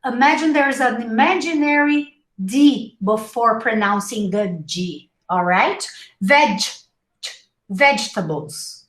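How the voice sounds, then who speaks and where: A woman's voice: fairly high pitch, unhurried, hardly any pauses, a bit bright. A woman teaching English pronunciation in a live class, saying each word several times and coaching her students. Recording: echoey room.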